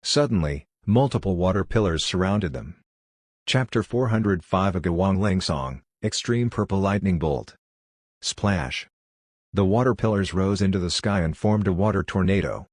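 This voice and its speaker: A man reading a fantasy audiobook as narrator in a steady, even storytelling delivery. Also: deep voice, normal speed, dry recording, clean studio sound. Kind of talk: scripted narration.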